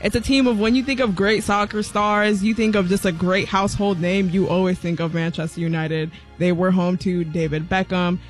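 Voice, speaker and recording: A woman's voice: lowish voice, steady tone, normal speed, few pauses, faint music behind. A woman on the radio show's team chatting casually and playfully, giggling as she talks. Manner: giggly, playful, fake British accent at times. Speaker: show team member.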